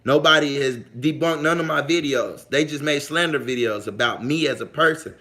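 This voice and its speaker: Slangy, fairly high-voiced man on a livestream. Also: normal speed, sharp tone. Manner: loose, slangy, talks straight to viewers; emphatic, repeats points for weight. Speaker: livestream host reading the chat. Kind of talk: casual livestream chat.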